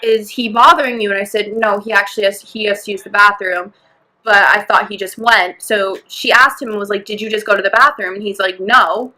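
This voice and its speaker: A woman's voice: mid-range voice, steady tone, a little fast, bright, forceful tone. A young woman co-hosting a podcast, telling a long story in a rambling, laughing way, full of "like" and acted-out quotes. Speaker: podcast co-host. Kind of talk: casual chat storytelling.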